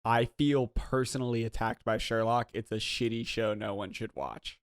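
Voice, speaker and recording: A man's voice: mid-range voice, steady tone, normal speed, dry recording, studio quality. A man co-hosting a podcast in casual chat, emphatic and profane, riffing on movies and shows. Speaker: podcast co-host.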